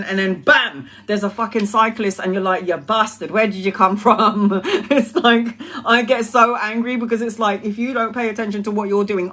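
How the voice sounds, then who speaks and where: A woman's voice: on the high side, fairly bright tone. A woman in her thirties telling a casual story and ranting about drivers, swearing freely and laughing often. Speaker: tarot livestream host.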